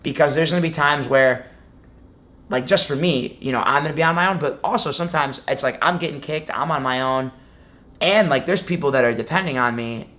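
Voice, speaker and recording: A man's voice: on the high side, brisk, bright, forceful tone. A man in his twenties, a guest in an interview, telling a story casually with many "like"s and restarts. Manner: rambling, filler-heavy storytelling with many "like"s. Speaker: guest wrestler.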